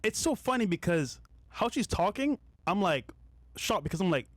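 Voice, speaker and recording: A man's voice: high voice, big pitch swings, normal speed, no room sound. A man co-hosting a podcast, reacting casually to a recorded call. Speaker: podcast co-host.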